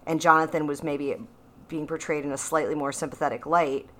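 A woman with a low voice talks through a TV episode in a loose, casual podcast chat. She stays animated and laughs often between quick asides. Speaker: podcast co-host.

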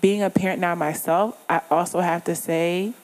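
A woman in her thirties in casual conversation, supportive and quick to affirm. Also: on the low side, steady tone, poor audio. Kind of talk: casual chat.

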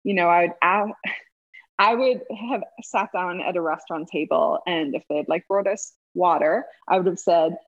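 A woman's voice: lowish voice, moderate pace, highs cut off. A woman of about thirty from South Africa, with a South African accent now tinged with a Southern US twang, chatting in an interview and laughing often. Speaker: interview guest, former college runner. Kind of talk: casual interview chat.

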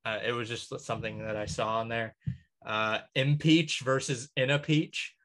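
Podcast guy just rattling off a list, lots of ums, kinda chuckly, average pitch. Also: fairly even intonation, moderate pace, a bit bright. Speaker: podcast co-host. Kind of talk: casual chat.

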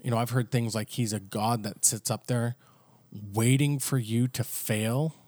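A man's voice: mid-range voice, fairly even intonation, a little slow, darkish tone, dry recording, clean studio sound. A man co-hosting a casual faith podcast, thinking aloud with frequent restarts and asides. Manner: conversational, thinks aloud with restarts and "you know". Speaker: podcast co-host.

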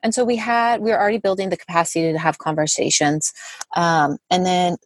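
A woman's voice: on the low side, steady tone, brisk. A woman in her thirties, a therapist and mother, telling a story in a casual interview, chatty and full of "like" fillers. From Southern California. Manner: chatty, many "like" fillers, acts out quotes. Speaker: guest therapist and parent.

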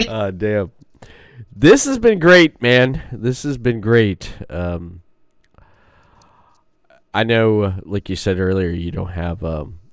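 A man's voice: on the low side, sing-song, very slow, long pauses, no room sound, studio quality. A man hosting a podcast, telling rambling stories in casual chat and laughing often. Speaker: podcast host.

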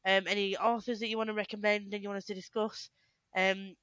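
A woman's voice: medium pitch, flat delivery, fairly bright tone, no echo, muffled recording. A young woman, co-hosting a casual podcast chat on a headset mic, laughing often and restarting her sentences. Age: young adult. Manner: giggly, talks in quick bursts with restarts. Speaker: podcast co-host.

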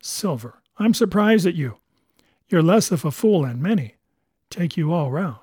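Man reading as a brisk gentleman doctor, crisp educated speech, dry scolding, a bit high and husky. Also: animated, no echo. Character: brisk, fearless male ship's doctor, gentleman.

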